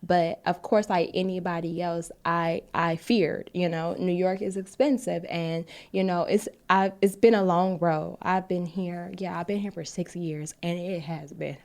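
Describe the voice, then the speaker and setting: A woman's voice: on the low side, steady tone, measured pace, hardly any pauses. A woman in her thirties hosting a podcast, talking candidly and at length about her own path, speaking into a phone. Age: 30s. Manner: candid, rambling, tearful at times. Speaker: podcast host. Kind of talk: emotional personal testimony on a live stream.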